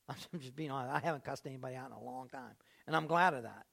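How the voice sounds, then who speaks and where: A man preaching a sermon as pastor, asking the congregation questions and swinging between loud, drawn-out lines and hushed ones. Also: medium pitch, vocal fry.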